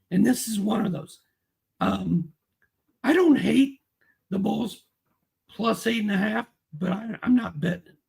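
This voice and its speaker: A man co-hosting a casual sports chat as an analyst, relaxed and agreeable. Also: sits high, a little slow, gravelly, pauses often, husky. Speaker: co-host analyst.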